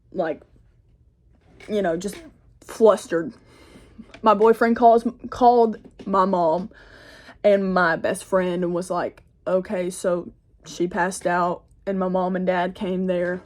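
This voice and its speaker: A woman's voice: lowish voice, measured pace, darkish tone. A teenage girl telling a storytime tale in a casual, rambling way, full of "like" and "y'all", recorded on a phone camera. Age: teens. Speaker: vlogger. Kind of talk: get-ready-with-me storytime.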